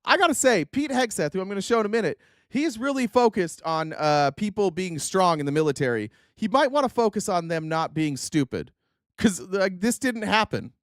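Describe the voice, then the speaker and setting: Sarcastic stream host, animated delivery, slightly high voice, dry close sound. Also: male voice, normal speed, no room sound. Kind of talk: political commentary stream.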